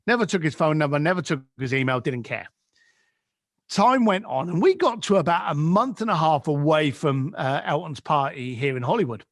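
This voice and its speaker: Lively man telling a story. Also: moderate pace, no echo, clean studio sound. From East London, England. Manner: acts out quoted voices, swings pitch and volume. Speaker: podcast guest. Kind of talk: animated storytelling.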